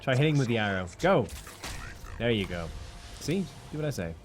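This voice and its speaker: A man's voice: mid-range voice, sing-song, normal speed, soft background music. A man from the United Kingdom co-hosting a live game stream, chatting casually and reading out viewer comments.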